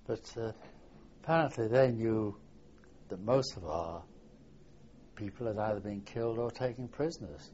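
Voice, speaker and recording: An older man, a war veteran, reminiscing in an oral history interview, halting and often trailing off softly. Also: mid-range voice, animated, slight background noise. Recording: dull lo-fi archival tape.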